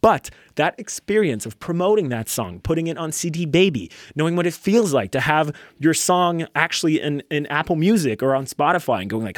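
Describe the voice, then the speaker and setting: A young man hosting a solo podcast, talking bluntly and profanely in a loose, animated rant. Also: on the high side, brisk, hardly any pauses, no room sound, studio quality. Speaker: podcast host. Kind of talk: casual solo podcast monologue.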